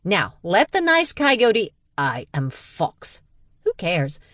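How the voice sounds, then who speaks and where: Woman narrator voicing a brusque female fox dressmaker, Serbian accent, clipped and halting, slow and deliberate in a dry booth. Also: lowish voice, wildly swooping pitch, a bit bright, no room sound, voice pushed up, exaggerated voice. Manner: clipped, halting foreign phrasing.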